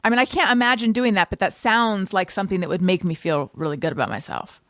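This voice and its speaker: A woman's voice: medium pitch, fast talker, a bit bright, no room sound, clean studio sound. A woman hosting a podcast, interviewing her guest with short agreeing replies and questions. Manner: supportive listener with short backchannels and questions. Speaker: podcast host. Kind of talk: casual interview.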